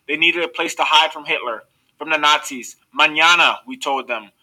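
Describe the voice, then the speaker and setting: A man's voice: a little high, normal speed, pushed and bright, low-quality recording. A man reading as an anguished old Cuban grandfather. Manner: pleading, anguished confession. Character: remorseful old Cuban grandfather, grief-stricken.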